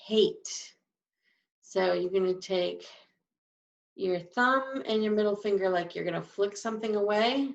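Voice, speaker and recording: A woman's voice: mid-range voice, a little slow, creaky. A woman teaching a sign language class, explaining signs and acting out emotions with her voice. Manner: demonstrative, acts out emotions with her voice. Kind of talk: live class instruction. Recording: distant mic, dull lo-fi sound.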